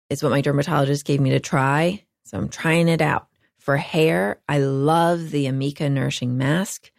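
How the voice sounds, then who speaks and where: Low, gravelly woman podcast host. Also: darkish tone, no echo, studio quality. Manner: chatty, self-deprecating asides. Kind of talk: scripted podcast intro.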